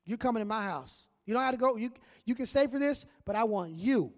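A man preaching a sermon as pastor, animated and conversational, leading the congregation in call-and-response. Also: very high-pitched, brisk.

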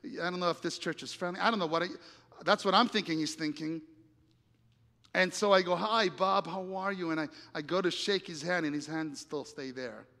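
A man preaching, telling a personal story with lively acted-out dialogue and big swings between loud and hushed lines. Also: sits high, moderate pace. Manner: animated storyteller acting out dialogue, dramatic volume swings. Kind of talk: sermon storytelling. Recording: reverberant hall.

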